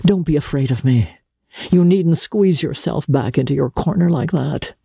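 An audiobook reader voicing a young man pleading urgently with the woman he loves, in a mellow, husky tone. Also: medium pitch, moderate pace, no echo, studio quality. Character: young man, torn and ardent in love. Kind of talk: audiobook character reading.

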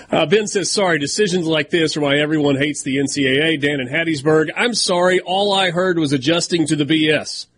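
Southern male sports radio host, slightly high voice, reads rulings aloud then talks them over casually. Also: fairly quick, few pauses, fairly bright tone, a little hiss or hum. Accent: Southern American. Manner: reads documents aloud, then riffs conversationally.

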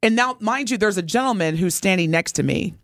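Animated middle-aged woman storyteller. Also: medium pitch, fairly quick, no echo, clean studio sound. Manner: animated, expressive storyteller addressing listeners directly. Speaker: podcast co-host. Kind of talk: casual storytelling.

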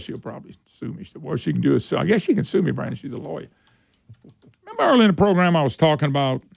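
A man's voice: fairly high pitch, gravelly, darkish tone, breathy edge, no echo, studio quality. A man hosting a talk radio show, rambling in a folksy way and mocking people in put-on voices. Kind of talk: casual talk radio monologue.

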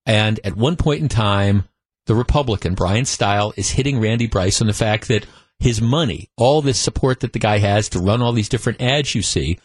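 A man's voice: on the low side, normal speed, slightly rough, dry recording. A man hosting a political talk radio show, opinionated and emphatic, often repeating himself as he builds his case. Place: radio studio.

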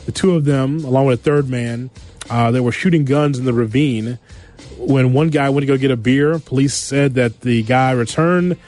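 A man hosts a sports radio show at an everyday pitch. He reads odd news items and tacks a joking aside onto each one. Faint music plays underneath. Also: a little mellow. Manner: wisecracking, quick asides after each story.

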